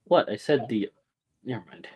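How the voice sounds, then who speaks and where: A man narrating as game master of a tabletop game, quick and stammering, slipping into put-on voices. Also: mid-range voice, expressive, slightly rough.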